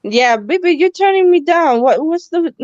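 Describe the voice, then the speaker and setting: A woman's voice: very high-pitched, expressive, moderate pace, darkish tone, dry recording, dull audio. A woman with a Scandinavian accent, joking playfully in casual banter on a live stream. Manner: playful, giggly.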